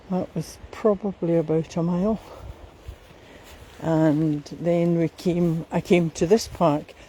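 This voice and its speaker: A woman with a Scottish accent chatting while out walking in a riverside park, unhurried and a little out of breath. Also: on the low side, mellow, a little hiss or hum, low-quality recording. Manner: chatty, unhurried, talks to her dogs. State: slightly out of breath. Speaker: vlogger. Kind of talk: casual walking commentary.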